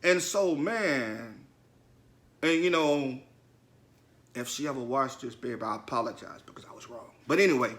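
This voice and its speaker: A man's voice: mid-range voice, moderate pace, fairly bright tone. A man hosting a podcast, telling a personal story in a blunt, confessional, slangy way and speaking straight to his listeners. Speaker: podcast host. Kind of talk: candid personal storytelling monologue.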